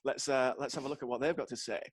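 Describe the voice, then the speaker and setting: A man hosting a comedy podcast, joking and animated as he introduces clips. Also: medium pitch, fast. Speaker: podcast host. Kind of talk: casual comedic chat.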